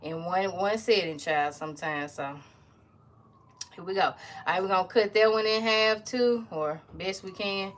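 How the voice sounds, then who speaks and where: A woman, chatting casually to her viewers while she cooks in her home kitchen, folksy and quick to laugh. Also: mid-range voice, sharp tone, a little hiss or hum. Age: 30s. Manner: chatty, folksy, laughs often, Southern country slang. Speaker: cooking vlogger. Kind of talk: casual cooking chat to viewers.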